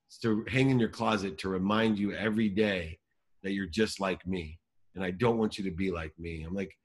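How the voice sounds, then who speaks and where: A man in his forties telling a personal story in conversation, earnest and emphatic, slowing down for the key lines. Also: low voice, fairly even intonation, slightly rough.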